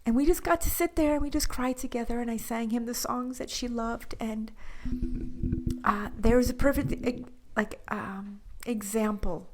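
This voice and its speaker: A woman co-hosting a podcast in casual chat, speaking emotionally, often dropping to a breathy whisper and halting on restarts. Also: a little high, a little hiss or hum. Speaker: podcast co-host.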